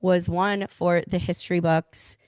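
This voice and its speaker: A woman's voice: lowish voice, little pitch movement, a little slow, a little mellow, clean tone, no echo. Upbeat woman co-hosting a hockey podcast, dry sound. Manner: upbeat, leads the conversation with questions. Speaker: co-host. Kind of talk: casual podcast chat.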